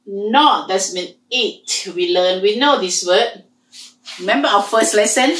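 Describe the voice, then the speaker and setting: A woman with Hmong as her first language teaches a language lesson, patiently repeating and drilling every sound. Her voice sits at medium pitch, moves a little slowly, and has a slightly bright quality. The recording carries a roomy echo.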